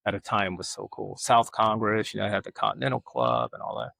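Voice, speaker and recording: A man's voice: on the low side, very animated, brisk, creaky, bright, forceful tone, no echo, low-quality recording. A man, a guest telling rambling, self-mocking stories in casual interview chat. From Alabama. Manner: rambling, self-mocking storyteller who acts out quoted voices. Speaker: guest artist.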